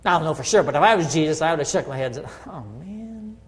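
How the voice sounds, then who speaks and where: Talking very fast in a fairly high voice, this middle-aged pastor keeps his sermon conversational and keeps asking the congregation "right?" The church sanctuary gives it a big-room sound.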